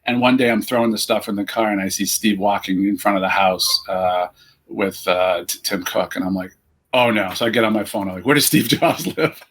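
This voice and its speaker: Man, middle-aged, husky, casual interview, animated storytelling. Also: sits low, fairly quick. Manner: animated anecdotes, acting out quoted exchanges. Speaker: esports team founder and CEO.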